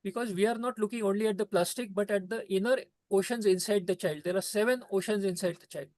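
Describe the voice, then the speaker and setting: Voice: medium pitch, fast talker, darkish tone, no echo. A trainer gives an earnest, repetitive talk to teachers over a video call. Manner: repetitive, emphatic, preachy phrasing.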